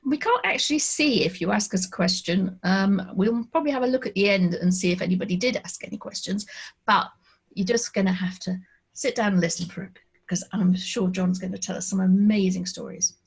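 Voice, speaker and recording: A woman's voice: medium pitch, fairly quick, gravelly, husky. A middle-aged woman from Liverpool hosting a live interview over a video call, chatty and self-deprecating. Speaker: host.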